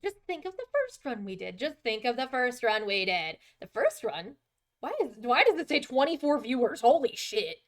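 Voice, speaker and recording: A woman's voice: on the high side, big pitch swings, normal speed. Emotional, exclaiming woman streaming a game. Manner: emotional, exclaiming, swears freely.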